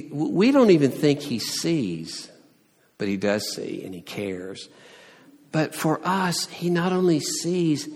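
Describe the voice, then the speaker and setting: A man preaching a sermon as a pastor, building to emphatic appeals and then closing in a quiet, measured prayer. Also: a little high, in a large hall.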